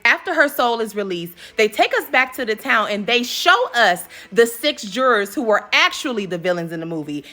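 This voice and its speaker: A woman giving a casual movie recap commentary, animated and slangy, with profane jokes and laughing asides. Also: a little high, normal speed, few pauses, faint music behind.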